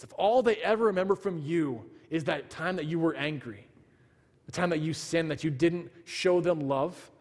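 A man's voice: fairly high pitch, in a large hall. A man in his thirties preaching a sermon, earnestly telling a family story and acting out the dialogue.

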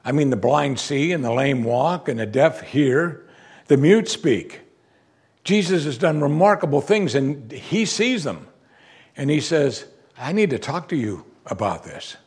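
A man preaching a sermon, animated and rhetorical, repeating lines and exclaiming for emphasis. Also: on the high side, unhurried, slightly rough.

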